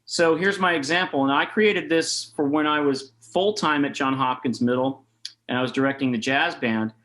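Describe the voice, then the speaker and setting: A man's voice: a little high, normal speed, a bit bright. A man giving a casual online jazz master class, talking through rhythm exercises and scatting them aloud. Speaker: jazz saxophone clinician. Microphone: video call.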